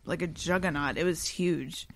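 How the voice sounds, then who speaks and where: Halting, rambling woman co-hosting a podcast. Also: low voice, dry recording. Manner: halting and rambling, full of "like" fillers and restarts. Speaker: podcast co-host. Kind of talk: casual podcast chat.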